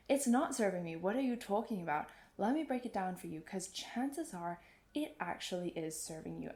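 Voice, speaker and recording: Young woman host, mid-pitched, chatty and earnest, recorded with a roomy echo. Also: darkish tone. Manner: chatty and earnest, acts out nervous quotes in a higher voice. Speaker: podcast host, oboist and performance coach. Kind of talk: solo podcast talk.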